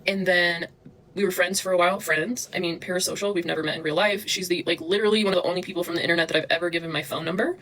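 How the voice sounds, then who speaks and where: A young woman livestreaming, talking fast and agitated, swearing and replying to chat comments. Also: on the low side, fairly even intonation, fairly bright tone, a little hiss or hum. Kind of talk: livestream rant.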